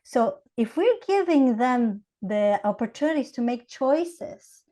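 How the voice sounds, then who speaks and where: Ecuadorian woman, spanish accent, high voice, animated, explaining montessori stuff on a podcast. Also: takes it slowly. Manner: animated, explains with acted examples. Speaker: Montessori educator, guest. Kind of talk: conversational podcast interview.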